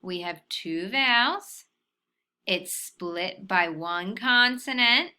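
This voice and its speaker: A woman's voice: mid-range voice, animated, slow, sharp tone, smooth. A woman teaching a phonics lesson to young children, patient and sounding out syllables.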